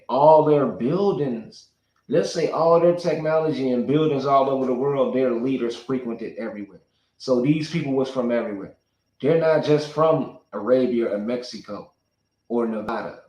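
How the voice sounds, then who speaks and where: A man's voice: mid-range voice, a little mellow, reverberant, highs cut off. A man talking alone to his channel in a loose, speculative monologue, thinking aloud and restarting his sentences often. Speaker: YouTuber. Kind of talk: rambling monologue.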